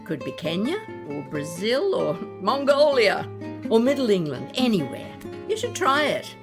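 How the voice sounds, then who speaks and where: A chatty patient in a waiting room, as a woman acts her out in a homemade radio drama. Her voice swings lively up and down with a playful lilt, and guitar music plays behind her. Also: mid-range voice, normal speed, close to an everyday voice. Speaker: actor in a listener's mini radio drama. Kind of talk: amateur radio drama acting.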